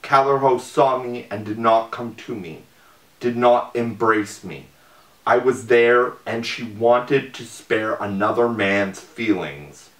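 A man's voice: mid-range voice, slow, fairly bright tone. Despairing young lover read by a man. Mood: bitter despair. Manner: bitter, mournful. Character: despairing young lover about to end his life. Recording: roomy, distant mic.

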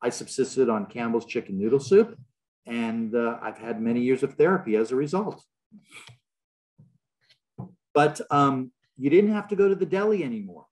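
Guy lecturing in a big hall, dry jokey storyteller, middle pitch. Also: a little fast, darkish tone. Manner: wry, joking storyteller. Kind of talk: illustrated public lecture. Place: large hall.

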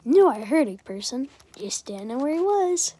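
A woman's voice: high voice, big pitch swings, normal speed, mellow, breathy edge, dry recording. A young woman giving rambling, chatty gameplay commentary and pleading with viewers to subscribe. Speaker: gaming channel creator.

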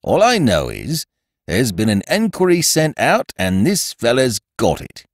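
A man voicing a stolid, severe male village constable who speaks bluntly and gruffly. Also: mid-range voice, huge pitch swings, a little slow, no room sound, clean studio sound, voice pushed up, exaggerated voice. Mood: stern.

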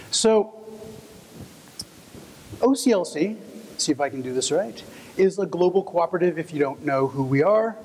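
A man's voice: fairly high pitch, a little hiss or hum. A man from Texas giving a conference presentation, friendly and personal, telling stories with fillers. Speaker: conference speaker. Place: conference hall. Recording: echoey hall, long reverb.

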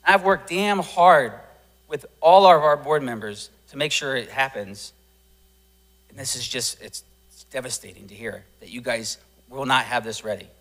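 A man, a band booster parent, giving a frustrated and forceful public comment at a school board meeting. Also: mid-range voice, moderate pace, poor audio.

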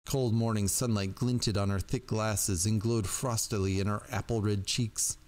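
A man's voice: lowish voice, fairly even intonation, a little slow, darkish tone. A man reading a book aloud to his stream audience in a casual, chatty way.

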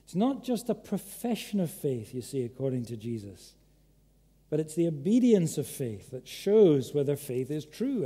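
His voice is mellow and fairly high in pitch as he preaches with earnest emphasis, putting pointed questions straight to his listeners. The sermon takes place in a large church hall whose echo fills the recording.

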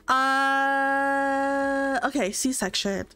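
A woman's voice: fairly high pitch, lively intonation, unhurried, a bit bright. Chatty young woman streaming a game. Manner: chatty, reads chat aloud, gasps and laughs often. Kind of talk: casual live-stream chat while playing. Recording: game music faint behind.

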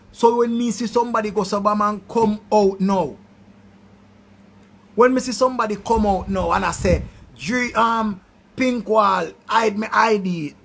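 A man with a Jamaican accent delivers a loud, insulting rant in patois. His voice sits high, with a gravelly, husky edge. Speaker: online commentator. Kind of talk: ranting commentary.

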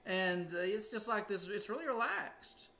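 A man talks through a casual livestream lesson in a bright, lively voice that swings up and down in pitch. He rambles loosely and keeps breaking into short sung demos. Soft banjo music plays faintly in the background. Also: moderate pace. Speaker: music teacher hosting a livestream.

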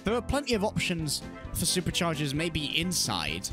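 Male commentator, sarcastic comedic voice-over, very lively pitch, music playing behind. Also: normal speed. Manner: animated, sarcastic, swears and laughs often. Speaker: esports commentator. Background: background music.

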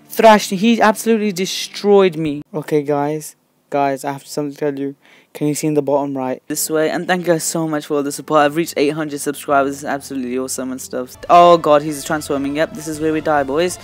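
A teenage boy giving excitable gameplay commentary as a channel host, shouting and squealing at big moments and then dropping to quick mumbled asides. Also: fairly high pitch, faint music behind.

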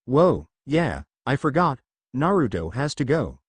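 A man's voice: medium pitch, very animated, unhurried, husky, dry recording. A man voicing a nervous, apologetic young male satyr in a storybook reading.

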